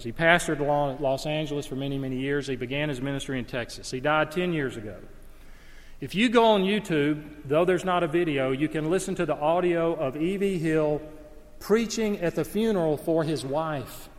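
A man pitched a little above the usual preaches a sermon from the pulpit. He moves between hushed, intimate storytelling and loud, impassioned emphasis. His voice carries a long reverb through a large hall. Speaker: pastor.

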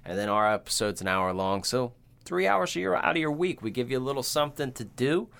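A man's voice: mid-range voice, lively intonation, brisk, creaky, fairly bright tone. A man co-hosting a podcast, chatting casually in a crude, joking, rambling way. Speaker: podcast co-host.

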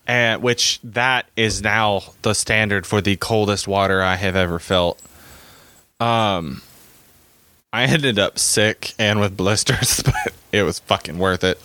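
A man's voice: on the low side, sharp tone, dry recording. A man casually recounting a trip, rambling and quoting people he met along the way. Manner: rambling, retelling a trip with quoted dialogue. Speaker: trip storyteller. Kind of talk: casual chat.

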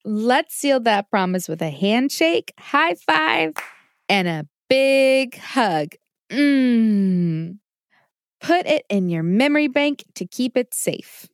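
A woman's voice: a little high, very animated, slow, no echo, studio quality, full character voice. A woman voicing a patient, caring mother who teaches her child kitchen safety. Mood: warm. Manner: patient and instructive. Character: gentle, safety-minded mother.

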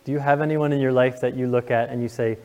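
A man's voice: medium pitch, steady tone, fast talker, a little mellow, big-room sound, highs cut off. A young man preaching a sermon to his congregation, earnest and emotional, asking the room questions. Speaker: pastor. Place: church sanctuary.

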